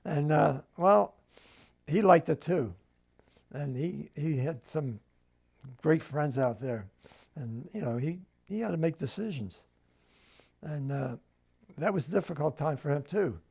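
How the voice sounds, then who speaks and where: A man's voice: fairly high pitch, animated, a little slow, creaky, long pauses, a little mellow, husky. An older man with a New Jersey accent, telling family stories in an oral history interview at home and acting out the dialogue. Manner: storytelling, acts out quoted dialogue.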